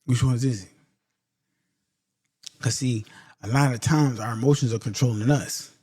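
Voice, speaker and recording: Speaking in a mid-range, mellow and husky voice at normal speed, this male podcast host delivers a laid-back pep talk to his audience. He calls them "y'all" and stresses his points emphatically through repetition. The sound is clean and dry, recorded in a studio.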